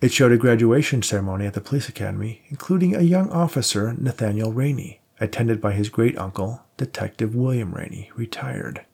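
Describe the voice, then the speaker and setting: A man narrating a novel aloud in a steady, measured reading, with small shifts in his voice for the characters. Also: mid-range voice, vocal fry, slightly rough. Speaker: audiobook narrator. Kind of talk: scripted narration.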